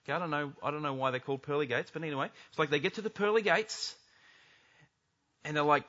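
A pastor preaches with a bright, forceful, fairly high voice. He is animated and jumps into quoted lines as he goes, and the recording sounds a bit dull and lo-fi. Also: fast talker. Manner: animated, acts out quoted speech. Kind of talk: sermon.

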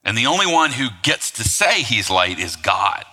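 A man's voice: mid-range voice, big pitch swings, moderate pace, sharp tone. A man preaching a sermon as pastor, talking conversationally with rhetorical asides and frequent fillers. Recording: long hall reverb.

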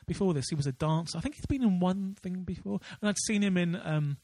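A man's voice: sits high, quick pace, dark tone, dry recording. A man co-hosting a podcast in casual chat, rambling with many fillers and restarts. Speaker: podcast co-host.

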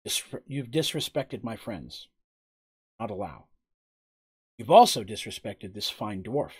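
Man playing a soft-spoken menacing warrior, slow and controlled threats. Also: on the low side, big pitch swings, breathy edge, pitched below the performer's own voice, full character voice. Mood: cold threat. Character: calm menacing male warrior, quietly threatening.

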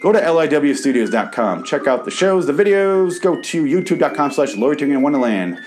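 A man's voice: a little high, sing-song, brisk. Sarcastic man ranting, faint music. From American Midwest. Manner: sarcastic, profane, bitter ranting. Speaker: comedy show host. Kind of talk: reading his own writing aloud, then improvised rant.

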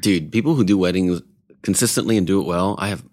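A man guest on a podcast, talking about his work in a laid-back, halting way. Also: deep voice, darkish tone. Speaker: guest photographer. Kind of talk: casual interview chat.

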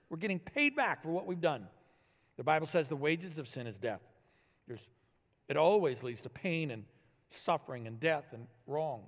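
A male pastor delivering a sermon, emphatic, swinging between loud stresses and hushed lines. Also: mid-range voice, long reverb tail.

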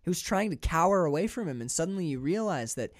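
A man co-hosting a podcast, talking through a film in a casual, animated, profane way. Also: a little high, quick pace, no echo, clean studio sound. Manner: animated, profane, restarts often. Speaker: podcast co-host.

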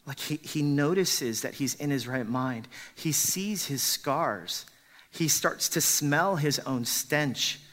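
A man's voice: on the high side, expressive, slow pace. A man preaching a sermon with dramatic emphasis, dropping to pleading whispers when he voices a character. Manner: rises to loud emphatic peaks.

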